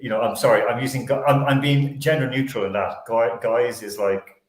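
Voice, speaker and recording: A man hosts a casual sports talk show and wanders through his stories, correcting himself as he goes. His voice sits at a middle pitch. The recording has a roomy echo. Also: fairly even intonation, a little fast. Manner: rambling, self-correcting storyteller.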